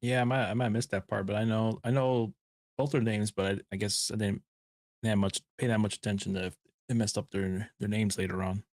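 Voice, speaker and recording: A man's voice: fairly low pitch, a little fast, dry recording, studio quality. A man co-hosting a podcast, chatting casually and repeating himself as he thinks. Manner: relaxed, hesitant, repeats words. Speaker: podcast co-host. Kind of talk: casual review chat.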